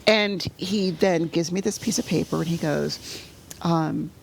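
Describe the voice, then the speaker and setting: A middle-aged woman telling a painful personal story as an interview guest, halting and full of fillers, sometimes sinking to a near-whisper. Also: on the low side, creaky, slight background noise. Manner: halting, full of "you know" fillers and restarts; drops to a soft near-whisper at painful moments. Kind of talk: emotional personal storytelling in conversation.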